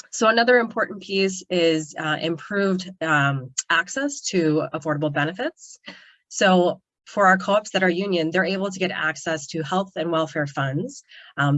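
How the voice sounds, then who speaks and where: A woman's voice: fairly low pitch, fairly bright tone, dry recording. Earnest woman presenting on a video call. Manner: earnest, loose, with many "um" and "kind of" fillers. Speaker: co-op developer presenting. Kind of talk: webinar presentation.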